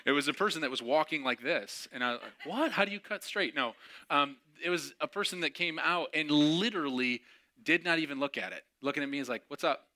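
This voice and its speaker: A man's voice: on the high side, fairly quick, pushed and bright. A middle-aged man preaching a sermon as a casual, self-mocking story, acting out the other people's lines and laughing at his own jokes. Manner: chatty, self-mocking, acts out dialogue with laughs. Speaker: pastor.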